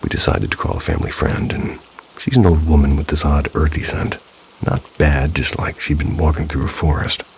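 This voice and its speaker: A man's voice: a bass voice, little pitch movement, moderate pace, gravelly, a little hiss or hum. A man narrating first-person paranormal stories in a scripted way, dropping dry, wry asides. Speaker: storyteller reading viewer stories.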